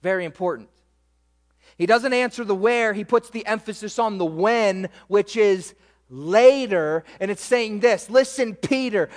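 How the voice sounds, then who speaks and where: A man preaching a sermon as pastor, swinging between loud emphasis and quiet, low asides. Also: a little slow, in a large hall.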